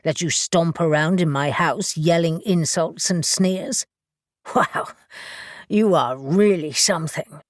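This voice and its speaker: A curt, proud male boss from an audiobook, as a woman reads him in a lowered voice. His clipped lines sound close and dry, without any room around them. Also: slow, no room sound. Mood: angry.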